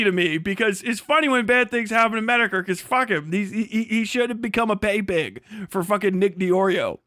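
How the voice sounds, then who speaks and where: A man's voice: sits high, a little fast, hardly any pauses, sharp tone, no echo, clean studio sound. A man hosting a livestream, chatting crudely and ranting with lots of swearing and laughter. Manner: ranting, profane, laughs a lot. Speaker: streamer host. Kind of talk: crude casual livestream chat.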